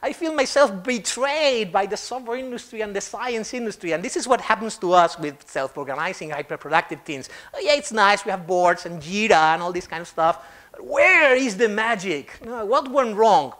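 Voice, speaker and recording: A man giving a humorous conference talk on stage, animated and fond of acting out quotes. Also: high-pitched, moderate pace. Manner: animated, acts out quotes in funny voices. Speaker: conference speaker.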